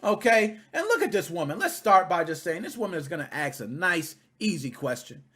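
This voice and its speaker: A man hosting a video reaction, talking casually in an animated, profane, indignant way. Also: high voice, fairly quick, breathy edge.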